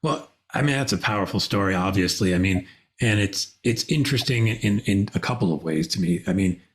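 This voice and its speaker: A man's voice: low-pitched, brisk. A man hosting a podcast, interviewing a guest attentively with frequent short affirmations. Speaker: podcast host.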